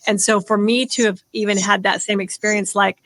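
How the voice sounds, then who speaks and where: A woman in her sixties hosting a podcast, talking fast and rambling with lots of "like" fillers. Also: mid-range voice, flat delivery, a bit bright, dry recording. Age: 60s. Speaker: podcast host. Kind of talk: casual podcast chat.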